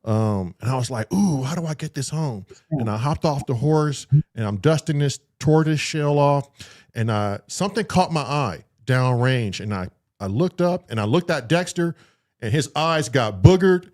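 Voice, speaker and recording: Here a podcast co-host with a mid-range voice and moderate pace rambles through a long story in relaxed chat. He curses liberally, plays out his own reactions, and delivers acted quotes with profane, animated energy.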